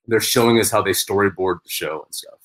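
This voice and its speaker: A male comedian chats as a podcast guest, talking quickly. His voice sits fairly low. He tells stories in an animated way and often restarts his sentences. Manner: animated storyteller, many restarts. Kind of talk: casual podcast chat.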